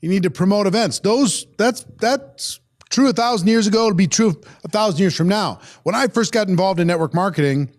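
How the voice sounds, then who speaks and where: A man's voice: high voice, fairly quick. A man hosting a business event, giving an emphatic, preachy motivational talk from Minnesota. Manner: emphatic, preachy, repetitive phrasing. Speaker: event host. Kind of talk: motivational speech.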